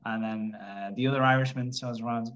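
A man's voice: medium pitch, fairly even intonation, fairly quick, a bit bright, muffled recording. Laughing man retelling soap plots. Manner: laughs often, rambling retelling with put-on voices. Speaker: podcast co-host. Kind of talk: casual chat recapping a soap.

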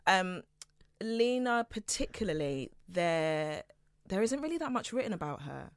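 A woman, an actress, talking as a guest in a casual interview, animated and quick to laugh. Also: on the low side, no echo, clean studio sound.

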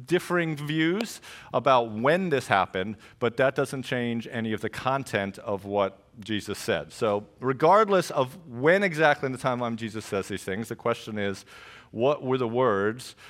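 A middle-aged man preaching a sermon as pastor, telling stories with jokes and lively asides. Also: mid-range voice, normal speed. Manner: animated storytelling with jokes and asides.

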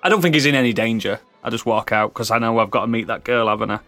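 A man's voice: mid-range voice, fast talker, pushed and bright, faint music behind. Sarcastic man playing a tabletop game. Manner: dry, sarcastic banter. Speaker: player. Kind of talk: tabletop role-play, playing his character.

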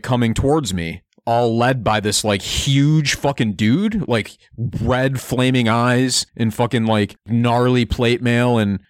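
A man playing a tabletop role-playing game, telling his character's story in an excitable, rambling way full of swearing. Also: on the low side, no room sound, studio quality. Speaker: player. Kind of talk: profane comedic tabletop role-play.

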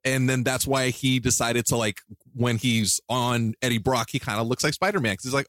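A man's voice: mid-range voice, fairly even intonation, moderate pace, a bit bright, no echo. Joking young male podcast co-host, dry sound. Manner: playful, jokey, laughs often. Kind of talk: casual chat.

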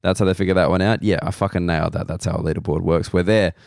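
An Australian comedian hosting a podcast, telling rambling self-deprecating stories slowly, his voice hoarse and worn. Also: low-pitched, steady tone, a little mellow, no echo, clean studio sound. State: losing his voice. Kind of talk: casual comedic monologue.

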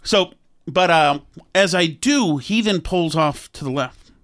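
A podcast host telling a story in a casual, animated way, acting out his own quotes. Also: a little high, slow.

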